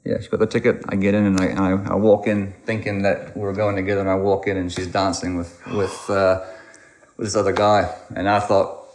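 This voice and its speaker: A man's voice: low voice, a little fast, slight background noise. Rambling man with a roomy echo. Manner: animated, rambling with restarts. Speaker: guest. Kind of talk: casual storytelling.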